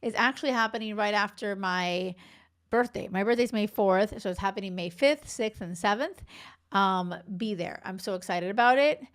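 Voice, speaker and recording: A woman's voice: mid-range voice, normal speed. A woman in her forties hosting a dating podcast as a coach, talking bluntly in a casual monologue, swearing freely and laughing between asides.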